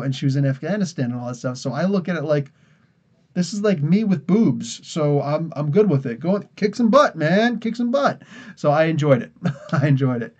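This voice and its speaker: A man's voice: on the high side, warm tone, lo-fi sound. A man from New Jersey hosting a casual comics podcast livestream, tired and rambling, laughing often. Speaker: podcast host.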